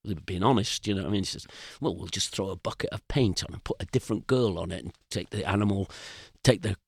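A man's voice: low voice, fast talker, gravelly, slightly rough, dry recording, clean studio sound. An older English man telling loose, rambling anecdotes as a podcast guest. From England. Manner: rambling anecdotal storyteller, frequent restarts. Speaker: guest musician. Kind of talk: casual storytelling interview.

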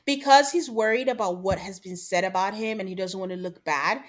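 A woman's voice: mid-range voice, fairly quick. A woman with a mid-range voice co-hosts a casual recap podcast. She talks emphatically and with conviction, pushing her opinion and urging her partner to see it her way. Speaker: podcast co-host.

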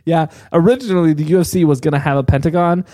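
A man's voice: on the high side, fast, mellow, dry recording. A man co-hosting a comedy podcast, telling the story and laughing often as he goes.

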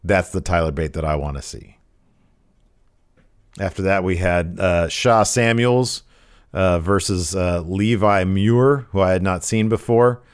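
Low-voiced male co-host, animated and jokey in relaxed chat. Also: a little slow, clean tone. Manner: animated, joking, rambling. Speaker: podcast co-host. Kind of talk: casual chat recapping wrestling.

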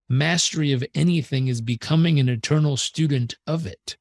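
A man, a performance coach telling a story as a podcast guest in an earnest, animated way that swears casually. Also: on the high side, a little fast, dry recording, studio quality.

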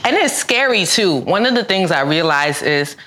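A woman's voice: lowish voice, animated, moderate pace, a bit bright. A woman speaking earnestly, in a preacherly way, about faith, fear and personal growth, building emphasis as she goes. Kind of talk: faith-based motivational talk.

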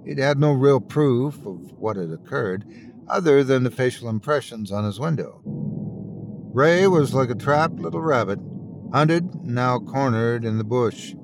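Guy reading a spooky story, dramatic, lots of pitch movement, hissy recording. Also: animated, measured pace, gravelly. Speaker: horror story narrator. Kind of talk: scripted horror narration.

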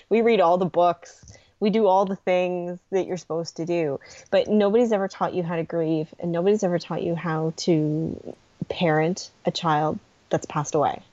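A middle-aged woman, a guest on a podcast, speaking earnestly and gently about grief support, with frequent pauses and ums. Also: fairly low pitch, no echo, dull audio. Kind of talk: podcast interview conversation.

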